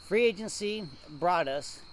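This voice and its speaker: Man, football show co-host, high voice, animated storyteller, faint background noise. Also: unhurried. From Ohio, USA. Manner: animated storytelling, laughs at own stories. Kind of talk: casual rant.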